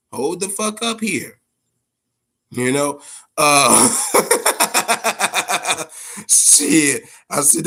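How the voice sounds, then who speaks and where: A man hosting a boxing podcast, talking casually and profanely, telling stories in an animated way with big swings in pitch. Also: vocal fry. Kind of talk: casual unscripted commentary.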